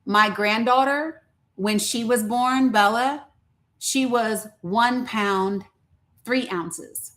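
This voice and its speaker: A woman's voice: on the high side, slow pace, fairly bright tone. Woman host, older, candid live-stream chat, outspoken and folksy. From rural American South. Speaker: livestream host.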